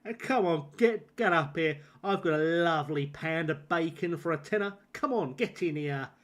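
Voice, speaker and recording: A man putting on a loud cockney market stall trader, hawking bargains and shouting out prices. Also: on the high side, normal speed, close to an everyday voice.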